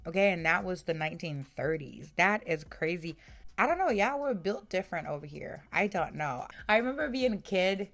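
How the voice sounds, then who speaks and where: A woman's voice: fairly low pitch, animated, normal speed, fairly bright tone, soft background music. A woman hosting her own true crime channel, telling stories to camera in a casual, chatty way, her voice strained with its upper range gone. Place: home room, lawn mowing heard outside.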